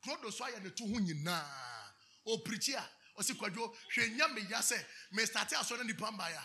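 A man with a Ghanaian English accent preaching a sermon, moving between chanted shouted declarations and quiet storytelling. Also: high-pitched, lively intonation, fairly quick, breathy edge.

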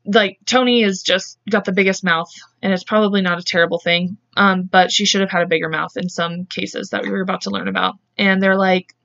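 A woman's voice: mid-range voice, fairly even intonation, fairly quick, vocal fry, few pauses, fairly bright tone, dull audio. A woman co-hosting a podcast, telling a true-crime story in a casual, chatty way and acting out the people's lines. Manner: chatty, acts out quotes with voices, laughs often. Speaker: podcast co-host.

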